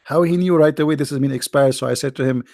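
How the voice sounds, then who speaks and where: Hoarse gravelly man chatting on a livestream. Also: a little high, quick pace, darkish tone, dry recording, studio quality. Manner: teasing, laughs often, answers viewer questions. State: hoarse, voice strained and coughing. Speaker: livestream host answering chat. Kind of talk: casual livestream chat. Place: at home behind a computer.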